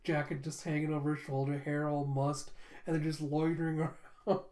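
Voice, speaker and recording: A manga reviewer casually retelling chapters in a relaxed, chatty way. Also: medium pitch, normal speed. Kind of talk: casual reaction recap. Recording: roomy echo.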